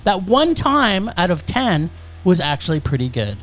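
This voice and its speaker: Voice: mid-range voice, normal speed, soft background music. A podcast co-host giving a sarcastic, ranting movie review in casual chat. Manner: animated, sarcastic ranting critique.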